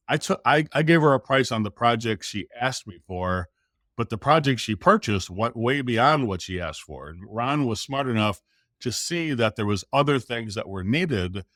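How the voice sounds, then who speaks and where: A podcast guest in middle age acts out the quoted lines as he casually and animatedly tells a story. The pitch of his voice is fairly low. Studio-quality sound, no room noise.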